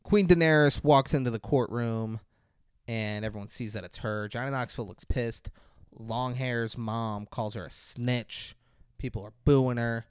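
A man's voice: medium pitch, unhurried, clear, resonant tone, dry recording, studio quality. A man co-hosting a podcast, casually retelling a movie plot and acting out the characters' lines. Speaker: podcast co-host. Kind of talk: casual movie recap chat.

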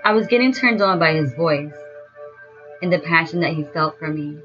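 A woman telling a first-person story in a slow, dreamy way. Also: low-pitched, lively intonation, fairly bright tone. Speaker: narrator. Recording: dull lo-fi sound with faint music.

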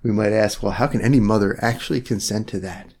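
A man with a fairly low voice leads a reflective sermon. He lays out his thoughts in short, measured phrases. Now and then he turns from the listeners to speak to God directly in prayer. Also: steady tone, a little mellow. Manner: slow, phrase-by-phrase delivery with pauses.

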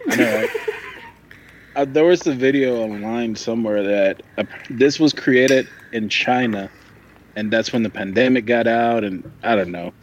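A man hosting a casual movie podcast with friends, loose and quick to laugh. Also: medium pitch, muffled recording, a little hiss or hum. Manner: giggly, loose, laughs often. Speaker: podcast host. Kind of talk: casual chat.

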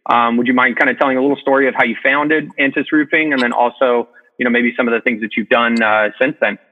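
Fast-talking podcast host, lo-fi sound. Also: male voice, mid-range voice, fairly even intonation. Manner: casual, filler-heavy questions. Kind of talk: podcast interview.

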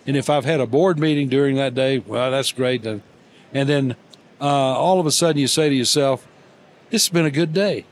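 An older man speaks in a plain mid-range voice and tells homely stories as an interview guest. He pauses often and restarts his sentences, with a gentle, self-mocking humor. A faint hiss of noise sits under the voice. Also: mid-range voice. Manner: halting, with many fillers and restarts, gently humorous. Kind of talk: reflective storytelling interview.

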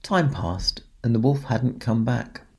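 A man telling a children's story in a gentle, expressive way, with dramatic pauses. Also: medium pitch, creaky, slightly rough. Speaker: storyteller in a Santa persona.

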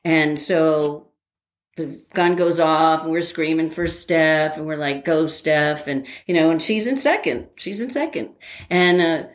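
Chatty woman telling an animated story. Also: deep voice, measured pace. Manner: animated storyteller, many fillers, laughs at own story. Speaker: interviewee, former academy track athlete. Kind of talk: casual interview storytelling.

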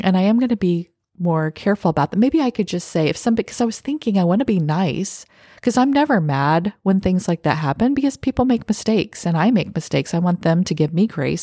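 A woman's voice: lowish voice, mellow, dry recording, clean studio sound. A middle-aged woman hosting a solo podcast, talking earnestly and reflectively about her own habits and acting out short example phrases. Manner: earnest, self-reflective, acts out little quoted phrases. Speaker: podcast host.

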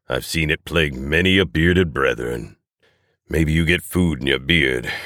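A man doing a careful, very deep barkeep. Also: a bit bright, dry recording, studio quality, heavily acted. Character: hospitable middle-aged male barkeep, careful and wise.

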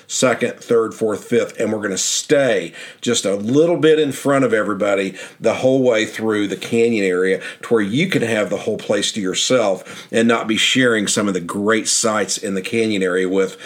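A man hosting a travel podcast, telling stories in a loose, rambling, folksy way and often repeating phrases. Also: lowish voice. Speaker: podcast host and tour guidebook author. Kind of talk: casual storytelling travel podcast.

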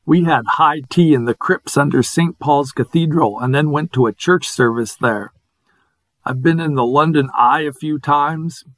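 A man's voice: on the high side, a little slow, a bit bright, no room sound. Amused man reading an odd list. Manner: amused, savoring each name with small laughs. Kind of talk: reading a list, then casual monologue.

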